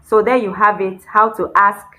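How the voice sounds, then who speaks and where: A woman's voice: medium pitch, steady tone, normal speed, sharp tone, poor audio. A woman teaching a beginner language lesson, repeating words and spelling them out. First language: not Chinese. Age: adult, not a child. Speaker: Chinese teacher. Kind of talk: slow, deliberate language lesson.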